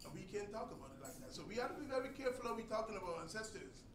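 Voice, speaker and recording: A man teaching a sermon to a congregation, emphatic and swinging between loud and soft delivery. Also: sits high, sing-song, rapid-fire. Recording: echoey room, distant mic, faint noise.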